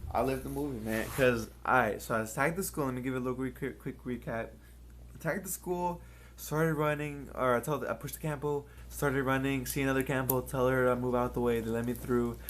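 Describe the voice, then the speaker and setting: A man's voice: mid-range voice, steady tone, fairly quick. A young man co-hosting a casual podcast, telling a long rambling story full of swearing and acted-out quotes. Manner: rambling, profane, acts out others' lines. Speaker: podcast co-host.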